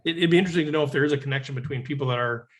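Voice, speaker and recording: A man's voice: on the high side, rapid-fire, fairly bright tone. A middle-aged man, talking earnestly and reflectively as a podcast guest, often tagging his sentences with "right?". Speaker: podcast guest, leadership coach. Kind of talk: conversational interview.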